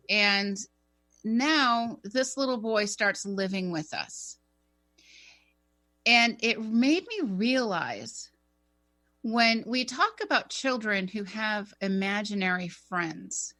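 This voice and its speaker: A woman on a talk radio show telling an emotional personal story in an earnest, animated way, often restarting her sentences. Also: mid-range voice.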